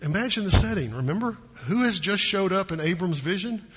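A man's voice: high voice, lively intonation, a little fast, a bit bright, husky. A man preaching a sermon in a church, folksy and conversational, full of rhetorical questions to the congregation. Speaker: pastor. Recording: hall reverb.

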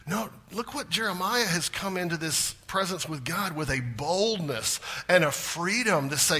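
A man preaching a sermon with big swings in pitch and loudness, sometimes dropping to a hushed voice for emphasis. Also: animated, moderate pace, hardly any pauses, husky. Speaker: pastor.

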